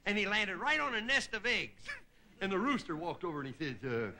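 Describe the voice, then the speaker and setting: A comedian in his fifties delivering a stand-up monologue, chuckling at his own gags and dropping into quick character voices. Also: high-pitched, very animated, sharp tone. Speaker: comedian host. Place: television studio stage with live audience.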